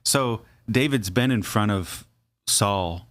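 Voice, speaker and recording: A man's voice: lowish voice, takes it slowly, fairly bright tone, no room sound. A man co-hosting a casual Bible discussion podcast, explaining the scripture in plain conversational terms. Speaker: podcast co-host.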